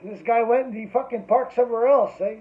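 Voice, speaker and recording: A man in middle age tells a loose, foul-mouthed story and keeps tacking "eh" onto his sentences. His voice sits high for a man. The sound is thin and boxy, like it came down a phone line. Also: steady tone, a little fast. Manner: rambling and profane, tags lines with "eh". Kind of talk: casual anecdote.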